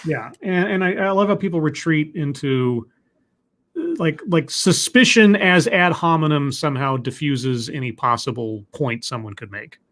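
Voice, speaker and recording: A man with a fairly high voice hosts a relaxed chat. He speaks in a measured, reflective way. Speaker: host. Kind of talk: casual conversation.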